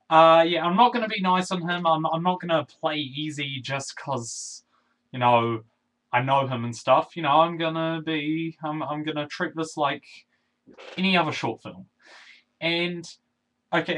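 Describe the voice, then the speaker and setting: Young New Zealand man, fairly high voice, rambling vlog reviewer. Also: fairly bright tone, low-quality recording. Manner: rambling, with many restarts and fillers. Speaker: YouTube film reviewer. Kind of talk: casual video review.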